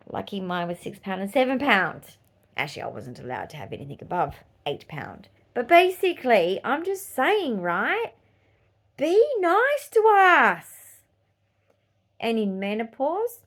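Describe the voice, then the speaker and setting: Blunt Australian woman with lively pitch. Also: gravelly. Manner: blunt, swears freely, laughs between points. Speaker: podcast host. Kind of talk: casual monologue.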